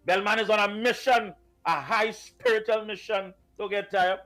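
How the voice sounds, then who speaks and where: A man's voice: high-pitched, steady tone, normal speed, sharp tone. A man with a Trinidadian accent co-hosting a live talk show, playful and teasing, repeating phrases. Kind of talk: live radio talk banter.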